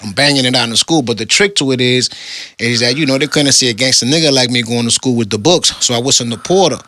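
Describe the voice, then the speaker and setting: A man's voice: mid-range voice, sharp tone, no echo, studio quality. A middle-aged man, telling the story of his time in prison in casual street slang. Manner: street slang, laid-back storytelling, rapid.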